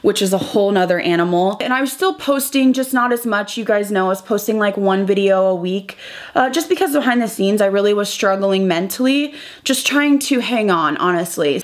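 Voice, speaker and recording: A young woman beauty vlogger talking through a chatty get-ready-with-me, emotional and halting, close to tears. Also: mid-range voice. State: close to crying.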